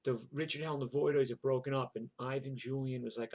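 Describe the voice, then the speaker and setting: A man's voice: mid-range voice, steady tone, quick pace, a little mellow. A man tells his life story in a rambling, profane way, full of "like" and "you know". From New York. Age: 60s. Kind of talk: casual spoken memoir.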